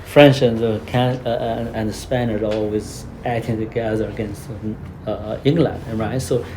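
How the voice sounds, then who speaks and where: A man's voice: lowish voice, steady tone, moderate pace, darkish tone, a little hiss or hum, low-quality recording. A man leading a home history lesson, chatting loosely and explaining in broken grammar. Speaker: teacher leading a history reading. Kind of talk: casual classroom discussion.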